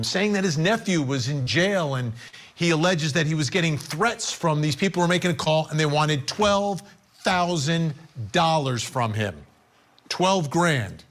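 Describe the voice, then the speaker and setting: A man's voice: high-pitched, fairly bright tone. A man hosting a legal news program, recounting a case in a conversational, emphatic way. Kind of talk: broadcast news commentary.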